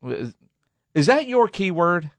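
A man's voice: high-pitched, big pitch swings, takes it slowly, no room sound. A man co-hosting a casual sports talk show, trading teasing, wisecracking banter in a studio. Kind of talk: casual radio chat.

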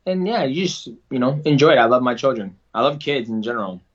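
A man's voice: medium pitch, animated, fast, breathy edge, lo-fi sound. A man answering interview questions in a casual, earnest way, often restarting his sentences. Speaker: interview guest, fighter.

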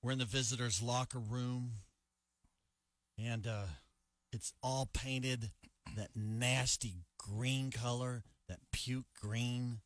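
A man's voice: mid-range voice, fairly even intonation, takes it slowly, fairly bright tone, dry recording, clean studio sound. A man co-hosting a morning show, telling a story in a laid-back, self-mocking way. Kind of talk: casual storytelling banter.

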